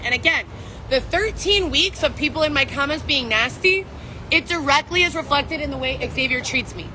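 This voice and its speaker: Angry high-voiced woman ranting outdoors. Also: expressive, normal speed, sharp tone, slight background noise. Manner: angry, profane, ranting, rhetorical questions. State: pregnant. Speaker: vlogger. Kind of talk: emotional street vlog rant.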